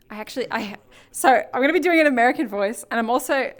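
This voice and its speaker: Chatty, giggly Australian woman streamer with a slightly high voice. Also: expressive, quick pace. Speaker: streamer and role-player. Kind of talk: casual stream chat.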